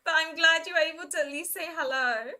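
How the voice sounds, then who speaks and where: A woman's voice: very high-pitched, quick pace, pushed and bright. A young woman chatting casually on a live stream, giggling often as she reads and answers viewers' messages. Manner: giggly, reads and answers chat, plays with pronunciations.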